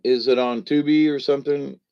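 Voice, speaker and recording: A man's voice: mid-range voice, fairly even intonation, brisk, dull audio. A man hosting a late-night livestream, rambling in a folksy way and reacting to chat comments. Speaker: livestream host.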